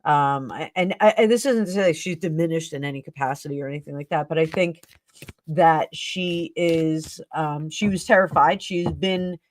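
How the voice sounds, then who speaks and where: A woman's voice: low-pitched, moderate pace, no room sound. Emotional tarot-reading woman, dry sound. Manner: emotional, effusive. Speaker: tarot reader and stream host. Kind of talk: live stream tarot reading.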